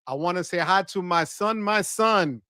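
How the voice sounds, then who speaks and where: A chatty man hosts a live stream from his studio, his voice sitting high for a man and a bit off from allergies. He greets viewers by name and drops Spanish words as he goes. The sound is close and dry, with no room around it. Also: normal speed, pushed and bright, smooth, no echo. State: voice affected by allergies. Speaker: host of a live credit card show. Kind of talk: casual livestream chat. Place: home studio. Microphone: close studio mic.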